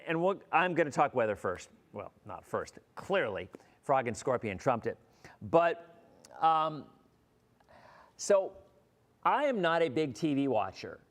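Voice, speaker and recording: A middle-aged man from Florida, a weather broadcaster hosting a casual livestream and chatting in a rambling way. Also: fairly high pitch. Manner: rambling, chatty, with frequent restarts. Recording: long hall reverb.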